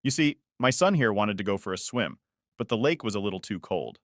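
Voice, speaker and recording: A man voicing an entitled middle-aged mother who talks down to people and turns shrill when angry. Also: expressive, a little fast, fairly bright tone, no room sound, studio quality. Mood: condescending.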